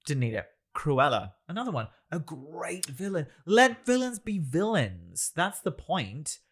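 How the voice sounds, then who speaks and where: Young man, tipsy podcast chat, lively pitch, rising tone, blunt and emphatic. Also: measured pace, husky. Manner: emphatic, opinionated, swears freely. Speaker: podcast co-host.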